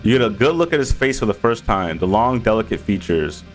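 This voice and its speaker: A man's voice: lowish voice, big pitch swings, fairly quick, few pauses, soft background music. A man streaming a game, reading its narration aloud with casual asides.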